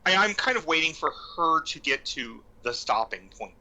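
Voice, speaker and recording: A player speaking in character in a tabletop game, polite and measured. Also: mid-range voice, very animated, sharp tone, poor audio. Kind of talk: tabletop role-play.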